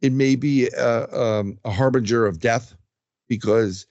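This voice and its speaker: A man's voice: mid-range voice, measured pace, dry recording, lo-fi sound. A man who investigates the paranormal, telling his experiences in a casual interview and acting out what others said. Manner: animated storyteller, acts out quotes.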